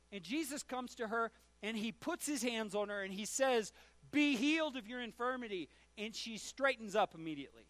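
A man preaching a sermon as a pastor, retelling scripture stories and acting out the quoted lines. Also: high voice. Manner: storytelling, acts out shouted quotes.

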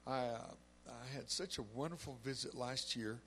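A mid-pitched man takes the pulpit as a guest speaker. He greets the congregation loudly and gladly. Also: moderate pace, slight background noise. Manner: loud, beaming delivery. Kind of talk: sermon opening greeting. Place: church sanctuary.

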